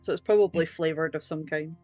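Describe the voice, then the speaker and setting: A woman's voice: low voice, fairly even intonation, fast, dark tone, no room sound, dull audio, faint music behind. A woman playing a tabletop game, rambling and chatty in casual talk. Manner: rambling, chatty, laughs often. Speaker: player.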